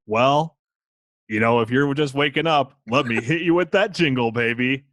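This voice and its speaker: A man's voice: medium pitch, moderate pace, a bit bright, dry recording, clean studio sound. A man co-hosting a casual podcast, goofy and playful, joking between topics. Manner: goofy, playful, sings and barks. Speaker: podcast co-host. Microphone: podcast mic.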